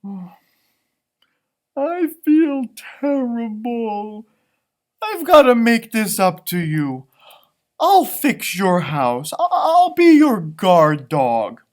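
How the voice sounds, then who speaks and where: A friendly female dog talks slowly and softly, eager to make a friend, as a man reading a picture book puts her on. Her lines come out gentle and a little higher than normal speech. She is chatty and apologetic. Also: sing-song, full character voice.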